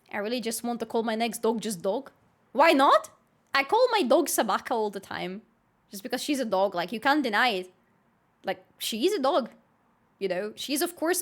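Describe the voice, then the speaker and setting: A young woman chats casually with her livestream audience. She is playful and often bursts into squealing laughter between her remarks. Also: fairly high pitch. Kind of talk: casual chat with live viewers.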